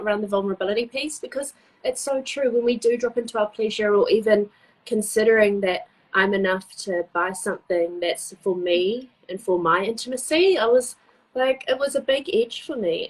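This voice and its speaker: Husky, gushing woman hosting a livestream. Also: mid-range voice, poor audio. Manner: gushing, effusive, many fillers. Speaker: host of a live interview series. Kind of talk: casual chat on a live stream.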